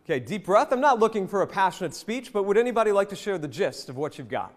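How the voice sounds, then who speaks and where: A man from the American South giving a jokey, animated leadership presentation and talking straight to the audience in a hotel event hall. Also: sits high, fast. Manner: lively, jokey, addresses the audience directly. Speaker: leadership speaker. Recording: long reverb in a hotel hall.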